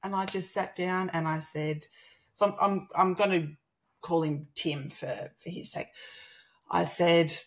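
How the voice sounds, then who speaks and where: Lively Australian woman telling her story. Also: lowish voice, a little slow. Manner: animated, acts out quoted dialogue. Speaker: guest. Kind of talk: personal storytelling in conversation.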